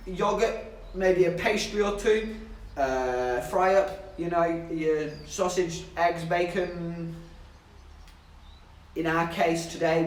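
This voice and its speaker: A young man tells a rambling, self-mocking story to his live chat and keeps making jokes along the way. His voice sits a little high. It sounds roomy and is picked up from some way off the mic. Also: a bit bright, far from the mic, a little hiss or hum. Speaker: streamer.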